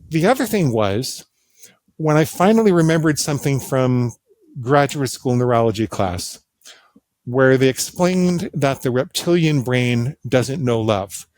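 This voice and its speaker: A middle-aged male psychologist, appearing as a guest on an interview show, tells stories animatedly with self-deprecating humor, acting out the voices he quotes. His voice is mid-range, and the recording is dry.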